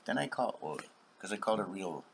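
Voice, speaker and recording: A man talks to his channel in a long, rambling monologue, bursting out loud and then dropping to a whisper. His pitch jumps around a lot, and faint background noise sits under the voice. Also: animated, brisk, vocal fry. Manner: rambling, swings between loud outbursts and whispers, acts out voices. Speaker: channel host.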